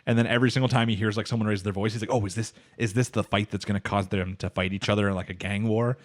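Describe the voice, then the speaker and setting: Male podcast host, low voice, rambling recap full of fillers. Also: steady tone, rapid-fire, dry recording, clean studio sound. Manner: rambling, lots of fillers, acts out characters' lines. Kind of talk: casual anime recap chat.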